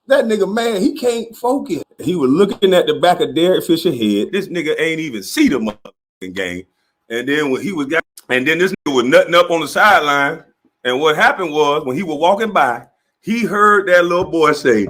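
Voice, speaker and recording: A man's voice: a little high, animated, fairly quick, a bit bright. A man in his forties, a former basketball player, ranting in a mocking, profane way, laughing as he talks and acting out the people he quotes. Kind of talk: animated profane rant.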